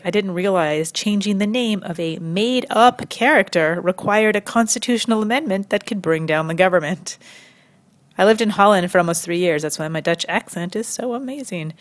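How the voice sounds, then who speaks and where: A young woman from Quebec hosting a scripted satirical comedy monologue, sarcastic and prone to sudden high mock-incredulous leaps. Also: a little fast. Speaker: satirical commentary host.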